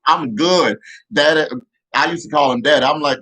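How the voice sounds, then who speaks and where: A man's voice: on the high side, fairly quick, bright, forceful tone. A man telling comic childhood stories in a rambling, profane way with many restarts. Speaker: comedian. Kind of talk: comedic storytelling.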